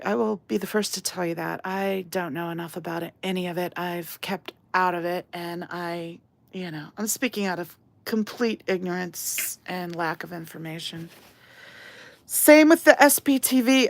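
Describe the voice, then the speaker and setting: A woman's voice: lowish voice, moderate pace, gravelly, no echo. A woman hosting a casual live stream while painting, chatty and self-deprecating, reading chat aloud. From outside England. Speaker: livestream host.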